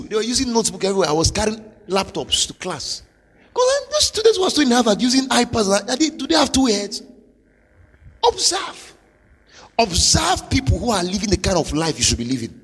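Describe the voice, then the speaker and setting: A man with a Nigerian accent, a pastor giving a motivational sermon with forceful, repetitive exhortation. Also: high voice, slightly rough. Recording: long hall reverb.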